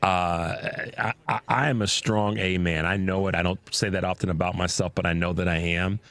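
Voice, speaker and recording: A man's voice: low voice, normal speed, dry recording. A man hosting a radio talk show, speaking emphatically in casual chat with frequent restarts. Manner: animated, emphatic, with repeated restarts.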